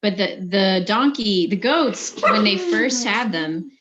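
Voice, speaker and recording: A woman's voice: mid-range voice, expressive, takes it slowly, muffled recording, very noisy. A woman chatting over a call, telling a story with quoted asides. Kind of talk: casual video-call chat. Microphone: phone or video call.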